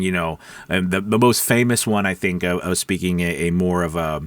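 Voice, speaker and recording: Casual low-voiced man coaching. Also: fairly bright tone, no room sound. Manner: loose, repetitive, with frequent "okay" and "right" check-ins. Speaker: voice-over coach. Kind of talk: casual teaching talk to camera.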